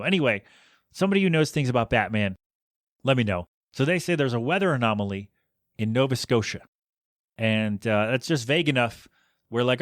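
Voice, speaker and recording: A man's voice: mid-range voice, a bit bright, no echo. A man with a mid-range voice hosts a podcast, recapping a movie in a loose, chatty way. He keeps throwing out rhetorical questions and exasperated asides. His voice sits close to a podcast mic in a dry, dead-sounding space. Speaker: podcast host. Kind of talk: casual movie review.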